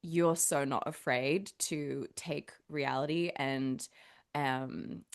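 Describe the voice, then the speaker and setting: A woman's voice: low-pitched, takes it slowly, smooth. A woman with an Australian accent, co-hosting a podcast in casual chat, chatty and prone to tangents. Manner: chatty, animated, wanders off on tangents. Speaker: podcast co-host.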